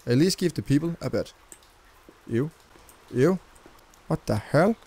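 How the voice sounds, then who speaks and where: A man's voice: a little high, lively intonation, a little slow, a little mellow, breathy edge. A man giving crude, jumpy commentary while playing a game, with constant squeamish reactions and swearing. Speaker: let's play gamer. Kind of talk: gameplay commentary.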